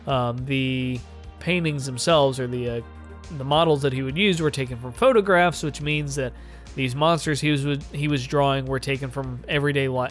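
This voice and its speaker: A man giving a casual, opinionated, rambling review. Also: medium pitch. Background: faint music.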